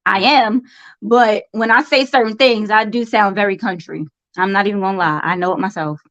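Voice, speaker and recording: A woman from Brooklyn with a New York accent, co-hosting a casual podcast chat, playful and quick to laugh. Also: mid-range voice, fairly bright tone, dry recording. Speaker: podcast co-host. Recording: dull lo-fi sound.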